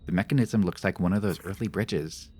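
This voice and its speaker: A man's voice: deep voice, fairly quick, husky. A young man chatting casually on a live game stream, rambling and reacting jumpily. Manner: animated, jumpy reactions, rambling anecdotes.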